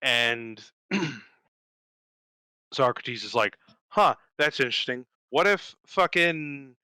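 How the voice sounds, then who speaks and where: Young man, podcast co-host, crisp bright tone, dry close sound, profane animated storytelling. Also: mid-range voice, slow, no echo, rough recording. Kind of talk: casual chat.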